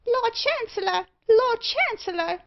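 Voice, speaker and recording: A woman voicing a shrill, mocking female parrot that screeches its words. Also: animated, unhurried, exaggerated voice. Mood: screeching. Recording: slightly dull audio.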